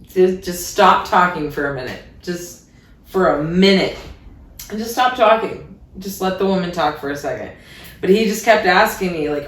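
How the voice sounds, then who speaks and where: A woman's voice: fairly low pitch, expressive, moderate pace. A woman from Iowa hosting a podcast, telling a candid story in a chatty, casual way with wry asides. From Iowa, USA. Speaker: podcast host. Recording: roomy echo.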